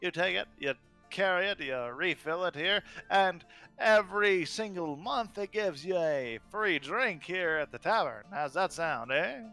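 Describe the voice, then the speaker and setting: A wheeling-dealing goblin barkeep with a gangster's swagger, as a man puts him on. The voice is bright and swoops up and down as he pushes his offers and tags his lines with "eh?". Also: high voice, expressive, measured pace, soft background music, heavily acted. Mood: salesy. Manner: chatty salesman patter, tags "eh?". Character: male goblin tavern keeper, mafioso swagger.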